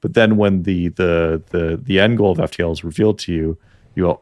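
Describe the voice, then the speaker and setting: A man's voice: deep voice, steady tone, fairly quick, a little mellow, no room sound, clean studio sound. A Canadian man with a Canadian accent chatting casually about video games on a podcast, rambling and restarting his sentences. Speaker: podcast co-host. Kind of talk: casual gaming chat.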